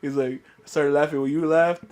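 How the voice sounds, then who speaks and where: A man's voice: fairly high pitch, level tone, a little fast, darkish tone. A man co-hosting a casual podcast, earnestly telling a personal story and repeating "I was like". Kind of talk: casual profane chat among friends.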